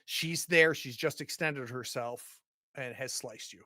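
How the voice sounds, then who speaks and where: A man running a tabletop game as game master, describing combat in halting, restarting sentences. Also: medium pitch, sharp tone, no echo, clean studio sound. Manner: halting, restarts often while describing action.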